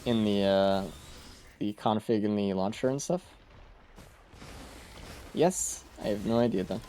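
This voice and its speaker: A man's voice: lowish voice, a little slow, warm tone, a little hiss or hum. A man streaming a game live, chatting casually with viewers in a laid-back, rambling way, trailing off with fillers. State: sleepy, yawning. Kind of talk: casual live-stream commentary while playing.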